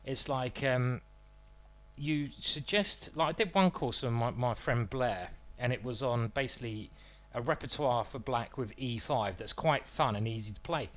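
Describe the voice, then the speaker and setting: A man's voice: mid-range voice, moderate pace, a bit bright. Rambling man chatting on stream. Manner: rambling, informal, with mild swearing. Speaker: chess streamer. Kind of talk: casual live-stream chat.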